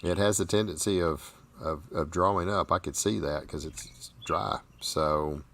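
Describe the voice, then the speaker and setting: Deep-voiced Southern American man hosting. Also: moderate pace, creaky, a bit bright, a little hiss or hum. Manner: folksy, rambling, repeats words. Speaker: host. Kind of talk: casual interview chat.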